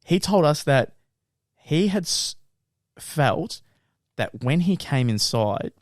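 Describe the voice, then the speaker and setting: Young man, lively pitch, dry close sound; animated podcast storyteller. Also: takes it slowly, no room sound. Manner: animated storyteller, acts out voices, laughs often. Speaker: podcast co-host. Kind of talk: casual storytelling chat.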